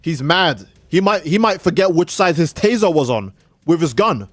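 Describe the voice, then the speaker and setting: A man's voice: on the high side, expressive, moderate pace, no echo. A man streaming a game, rambling in casual, profane commentary and acting out little skits of people. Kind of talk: casual let's-play commentary.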